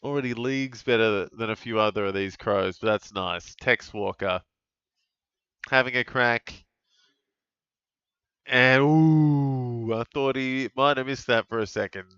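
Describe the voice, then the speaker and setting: A man casually commenting on a live football game for his stream, chatty and relaxed, with sudden bursts of excitement at big plays. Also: fairly low pitch, normal speed, smooth, no room sound, dull audio. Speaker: fantasy football streamer calling a live watch-along.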